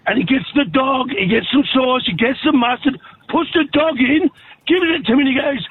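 A man's voice: very high-pitched, brisk, a little hiss or hum. An Australian man calling into a radio show, telling a story with lots of animation. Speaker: caller. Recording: tinny phone line.

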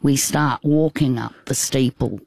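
A woman in her fifties, a guest telling a personal story in casual, halting, reflective chat. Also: rumbling low, steady tone, creaky, a little mellow, no room sound.

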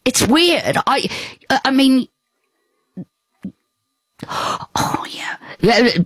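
A woman's voice: sits high, lively intonation, takes it slowly, no echo. A woman in conversation, telling a personal story in a rambling, hesitant way with many restarts. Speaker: guest.

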